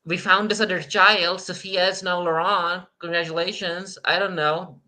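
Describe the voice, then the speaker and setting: A woman's voice: fairly low pitch, fairly even intonation, moderate pace, bright, forceful tone. A woman co-hosting a podcast, chatting casually and griping, often breaking off and restarting her sentences. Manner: chatty, griping, self-interrupting. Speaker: podcast co-host. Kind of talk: casual chat.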